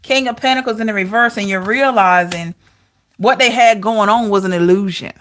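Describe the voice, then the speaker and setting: A woman giving a casual tarot reading to camera, talking in an expressive, chatty way with rhetorical questions. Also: medium pitch, moderate pace. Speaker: tarot reader.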